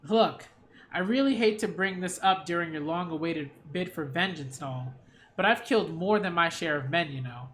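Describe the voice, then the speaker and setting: A male actor voicing a sly, mocking middle-aged mercenary leader in an anime dub, with a calm, drawling, taunting delivery. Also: fairly high pitch, moderate pace, a little hiss or hum, lightly acted.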